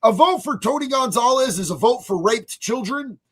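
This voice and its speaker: A man hosting a livestream, telling crude stories in a profane, boisterous way, swinging between loud bursts and mutters. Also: extremely high pitch, expressive, moderate pace, husky. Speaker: streamer host. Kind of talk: crude comedic storytelling on a livestream.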